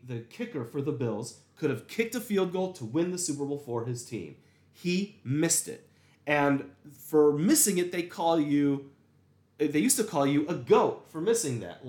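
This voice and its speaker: Rambling man in an echoey room. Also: on the high side. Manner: rambling, animated storytelling. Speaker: podcast host. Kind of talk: casual chat.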